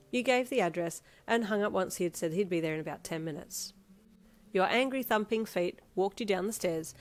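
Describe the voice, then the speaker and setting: A woman narrating a fan fiction audio story in a steady, even read. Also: on the low side. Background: faint instrumental music.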